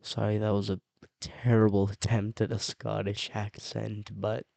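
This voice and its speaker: A man's voice: fairly low pitch, little pitch movement, measured pace, vocal fry, a little mellow, no echo. A man giving casual commentary as he ranks theme tunes, rambling along with frequent restarts and self-corrections. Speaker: video creator ranking show themes.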